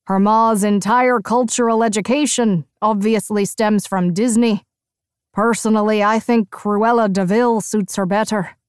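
A woman narrator voicing a sardonic young man who taunts in a dry, deadpan way. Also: mid-range voice, unhurried, smooth, no room sound, lightly acted. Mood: teasing.

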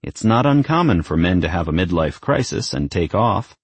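Blunt young guy, offhand and profane, husky low voice , as a narrator voices him. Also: very animated, moderate pace, dry recording, exaggerated voice. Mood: skeptical. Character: blunt, sardonic young man.

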